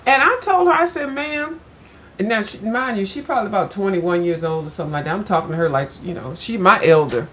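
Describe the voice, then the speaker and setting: A woman's voice: mid-range voice, quick pace, a little hiss or hum. Chatty older woman telling a story. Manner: chatty, addresses viewers as "girl", animated when retelling. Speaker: vlogger. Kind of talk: casual storytelling chat.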